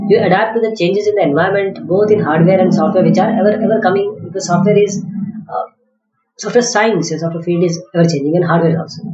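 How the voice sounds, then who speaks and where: A man lecturing from slides, halting often with fillers and restarts as he explains each point. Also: high-pitched, darkish tone. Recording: dull, echoey classroom recording.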